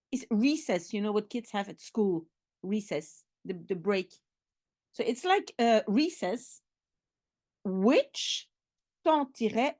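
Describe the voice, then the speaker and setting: A woman's voice: mid-range voice, a little mellow. A woman teaching French in English, reading lines from a children's book aloud and translating them phrase by phrase. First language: Dutch. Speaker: language teacher. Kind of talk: bilingual language lesson.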